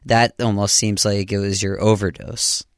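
A man hosting a podcast interview, speaking casually. His voice sits low, and his questions come in a reflective, halting way. The recording is dry and close. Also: flat delivery, no room sound. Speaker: podcast host.

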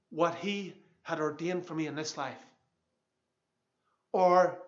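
A man's voice: fairly high pitch, a bit bright, lo-fi sound. Earnest man in his fifties preaching. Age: 50s. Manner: earnest, emphatic preaching with rising intensity. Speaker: pastor. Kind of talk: sermon.

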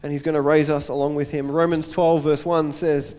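A man's voice: a little high, level tone, brisk, hardly any pauses, darkish tone, clean tone, big-room sound. A man preaching a sermon as pastor, earnest, repeating phrases and asking rhetorical questions.

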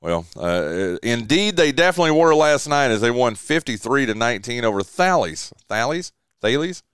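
A man hosts a local sports radio show with a smooth, resonant voice and a dry, close studio sound. He chats casually through scores, with plenty of fillers and restarts. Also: mid-range voice, sing-song, moderate pace, a bit bright, no echo. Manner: rambling, lots of fillers and restarts.

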